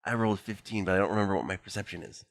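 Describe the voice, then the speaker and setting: Man, tabletop game player, fairly low voice, laid-back, joking, casual. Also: fairly even intonation, very fast.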